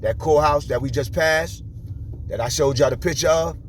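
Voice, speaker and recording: A man's voice: fairly high pitch, normal speed, a little hiss or hum. A man telling a street story in a loose, slangy way, often checking in with listeners and repeating himself as he moves along a city route. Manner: slangy, keeps checking in with "you heard?", frequent repeats.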